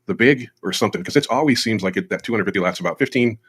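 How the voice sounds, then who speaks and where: A man's voice: lowish voice, rapid-fire, husky. A man co-hosting a live trading stream, chatting loosely about market moves. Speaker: co-host. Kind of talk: casual trading chat.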